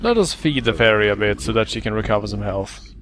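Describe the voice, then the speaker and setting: A man's voice: lowish voice, animated, fast, noisy background. A man giving casual, joking commentary while playing a game, cursing at his minions. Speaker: let's play host.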